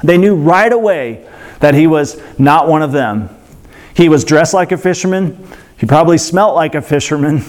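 A man's voice: fairly high pitch, animated, normal speed. A man preaching a sermon in a conversational way, breaking off into asides and fillers. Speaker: pastor.

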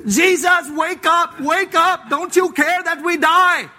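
A man's voice: extremely high pitch, slow, sharp tone, voice pushed up, exaggerated voice. A man voicing panicked fishermen disciples who plead and cry out in a storm. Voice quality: frantic, pleading cries. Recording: long hall reverb.

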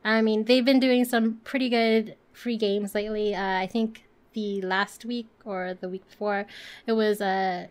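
A woman's voice: mid-range voice, fairly even intonation, measured pace. A woman co-hosting a casual gaming podcast stream, chatty and laughing often. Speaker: podcast co-host. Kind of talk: casual chat.

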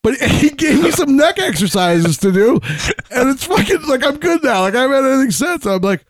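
A man's voice: extremely high pitch, sing-song, a little fast, no room sound, studio quality. A man co-hosting a podcast, telling stories in a casual, profane way and laughing often. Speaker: podcast co-host. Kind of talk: casual chat.

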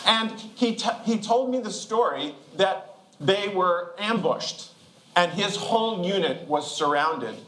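A man's voice: high-pitched, animated, takes it slowly, a bit bright. An older man preaching a chatty, joking sermon in a church, laughing between phrases. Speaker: guest preacher. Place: church sanctuary. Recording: echoey room with background noise.

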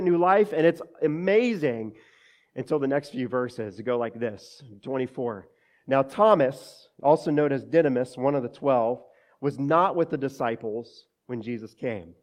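A man preaching, his voice sitting a little high for a man. He keeps the sermon conversational, turning to the congregation as church and slipping in joking asides between Bible passages. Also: darkish tone. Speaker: pastor.

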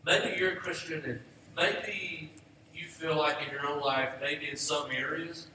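Earnest pastor preaching in an echoey hall. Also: male voice, fairly high pitch, fairly even intonation, a little slow, pushed and bright, a little hiss or hum. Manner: earnest, rising to emphatic calls. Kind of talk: sermon. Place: church sanctuary. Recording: echoey church hall, mic from a distance.

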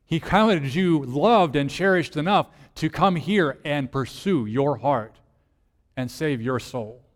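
Male lead minister, higher-pitched, casual sermon delivery that shifts from hushed to emphatic; reverberant room. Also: slow. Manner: conversational, rhetorical questions, swings from soft to emphatic.

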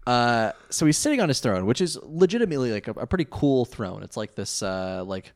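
A man's voice: medium pitch, sing-song, a little fast, no room sound. A man co-hosting a podcast, recapping an anime episode in casual, rambling chat full of fillers and laughs. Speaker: podcast co-host.

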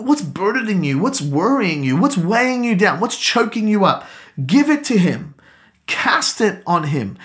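A man's voice: sits high, fairly bright tone. A man preaching a sermon as pastor, earnest and exhorting, repeating key phrases for emphasis.

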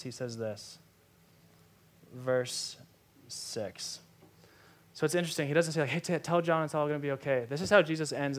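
A young adult man preaching a sermon, telling a personal story in a conversational way with many fillers like "like". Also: fairly high pitch. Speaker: pastor.

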